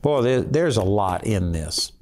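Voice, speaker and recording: A man's voice: on the low side, expressive, unhurried, darkish tone. Earnest preaching man. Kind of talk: sermon.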